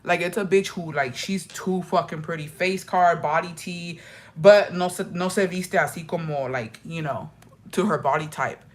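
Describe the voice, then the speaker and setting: Young woman vlogger, animated, profane storyteller who slips into Spanish. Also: on the low side, moderate pace. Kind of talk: get-ready-with-me chat.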